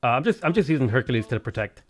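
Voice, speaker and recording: A man's voice: mid-range voice, animated, racing. A man with a Dublin Irish accent giving chatty live gameplay commentary, swearing freely with bursts of exasperation. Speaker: game streamer.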